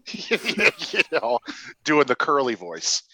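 A podcast co-host in casual chat about a film, animated and mocking. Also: mid-range voice. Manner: animated, quick to mock and do snippets of character voices. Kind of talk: casual movie review chat.

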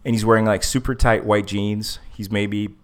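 A man's voice: lowish voice, level tone, normal speed. A man, a comedian guest, telling a story in casual chat, acting out dialogue and laughing often.

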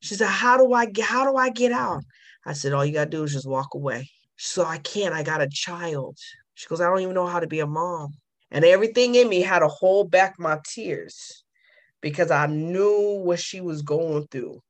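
A woman's voice: low-pitched, moderate pace. A woman recounting her past in an interview, telling it with emphasis and acting out both sides of the dialogue. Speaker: guest. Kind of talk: personal testimony in an interview.

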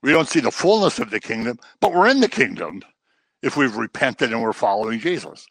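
Animated, bright-voiced male preacher. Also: medium pitch, brisk, breathy edge, no room sound. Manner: animated, acts out voices of people he quotes. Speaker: pastor. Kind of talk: sermon.

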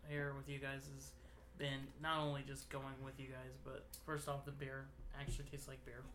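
A man's voice: medium pitch, monotone, normal speed, reverberant, noisy background. A man in his thirties chatting casually with friends, telling self-deprecating jokes about his trip. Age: 30s. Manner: joking, self-deprecating storyteller. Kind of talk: casual chat.

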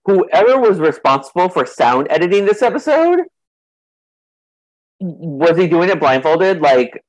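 A man's voice: fairly high pitch, big pitch swings, unhurried, rough recording. A man from Southern California co-hosting a casual recap podcast, rambling and full of fillers. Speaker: podcast co-host.

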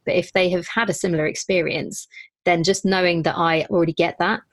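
A woman's voice: fairly low pitch, fairly even intonation, a little fast, dry recording. A woman running a podcast and a business, chatting in an interview in a self-deprecating way, with frequent restarts. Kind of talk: casual interview chat.

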